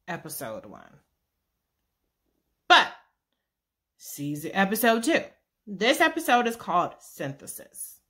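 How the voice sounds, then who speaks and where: A woman's voice: mid-range voice, sharp tone. A woman casually recapping a TV series with profane, sassy asides. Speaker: show recap vlogger.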